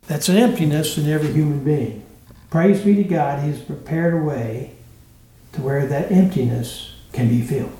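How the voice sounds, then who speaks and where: A man teaches a Bible class in an earnest, deliberate way, stretching out words he wants to stress. His voice sits a little higher than most men's. The room around him is reverberant. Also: darkish tone. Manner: earnest teaching with slow, emphatic phrasing. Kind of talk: Bible lesson.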